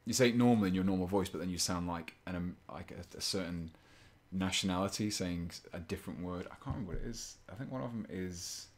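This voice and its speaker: Low-voiced man chatting while painting. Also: fast talker, hardly any pauses. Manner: rambling, playful, self-mocking, thinks aloud. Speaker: live-stream host painting miniatures. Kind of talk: casual live-stream chat.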